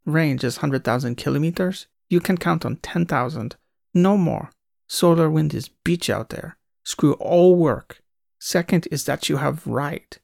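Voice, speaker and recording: A man's voice: fairly high pitch, a little slow, gravelly, no echo, studio quality, pitched above the performer's own voice. Man doing a nervous Eastern European station guide. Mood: urgent secretive. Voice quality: broken English, urgent hushed warnings.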